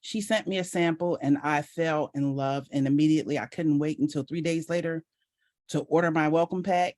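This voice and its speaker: A woman's voice: sits low, steady tone, moderate pace, a little mellow. A middle-aged woman giving a heartfelt personal testimony on a video call, earnest and emotional, her voice swelling with gratitude. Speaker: team member sharing her story.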